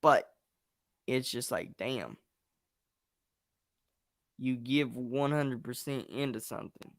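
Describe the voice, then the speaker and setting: In a studio-quality recording without echo, a young wrestling review host speaks slowly in a gravelly, medium-pitched voice. He chats casually, venting his opinions bluntly and frankly.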